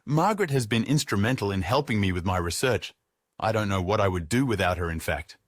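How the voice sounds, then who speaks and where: A man voicing a pretentious male coworker who boasts in a drawn-out, self-satisfied way. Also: lowish voice, animated, no echo. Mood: pompous. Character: pompous male coworker full of tall tales.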